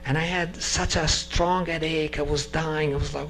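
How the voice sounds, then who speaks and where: A man, not a native English speaker, telling a personal story at a devotional gathering, halting and restarting sentences and acting out the dialogue. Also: a little high, slight background noise. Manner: animated, acts out dialogue in story.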